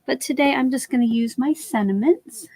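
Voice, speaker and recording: A woman's voice: sits high, normal speed, darkish tone, dry recording. Casting note: friendly woman craft host, chatty live-stream demo, dry close sound. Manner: chatty, talks viewers through each step.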